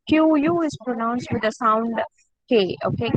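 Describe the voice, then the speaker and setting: A woman teaching an online class, slowly repeating each word for her students. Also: a little high, dry recording, rough recording. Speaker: French teacher.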